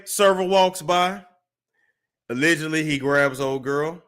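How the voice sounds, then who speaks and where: A man hosting a celebrity gossip show, telling a story with dramatic pauses, restarts. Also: fairly high pitch, steady tone, a bit bright, clean tone. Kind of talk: casual gossip commentary.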